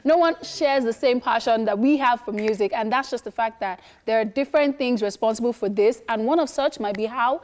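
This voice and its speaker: A woman's voice: fairly high pitch, fairly quick, hardly any pauses. A woman presenting an entertainment segment, upbeat and teasing her co-host.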